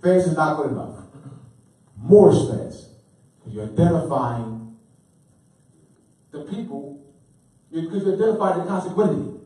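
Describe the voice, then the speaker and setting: A man's voice: a little high, expressive, moderate pace, long pauses, darkish tone. A man lecturing to a live audience, quizzing them call-and-response style and repeating key words with emphasis. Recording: very echoey room, mic far off.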